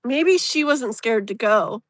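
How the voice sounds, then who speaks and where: A woman's voice: on the high side, animated, slow, dry recording. A woman hosting a casual live tarot reading, rambling and emotionally open, with lots of fillers. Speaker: tarot reader, live stream host.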